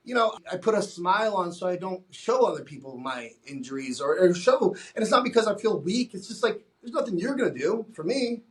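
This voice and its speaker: A man's voice: high-pitched, animated, a little fast, few pauses. A young adult man, a podcast guest, telling his own story candidly in a blunt, profane way, often restarting his sentences.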